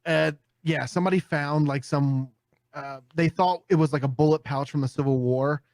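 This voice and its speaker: A man hosting a casual podcast, telling stories with animated energy, often putting on voices and laughing. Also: fairly high pitch, moderate pace, no echo. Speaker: podcast host.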